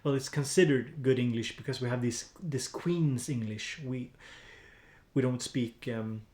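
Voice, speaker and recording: Speaking at a measured pace in a medium-pitched, darkish voice, a Swedish-accented man rambles through a casual live stream about music production, restarting often and using many fillers while editing samples. The recording sounds roomy.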